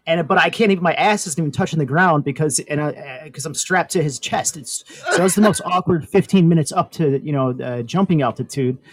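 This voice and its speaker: A man's voice: on the high side, a little fast, hardly any pauses, no room sound. A man on a casual talk show, telling a long rambling story full of fillers and laughs. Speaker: podcast co-host.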